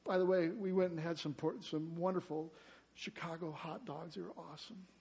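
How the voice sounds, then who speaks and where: A man preaching a sermon as pastor, emphatic, asking the congregation rhetorical questions and acting out quoted cries loudly. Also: a little high, steady tone, moderate pace, creaky, a little hiss or hum.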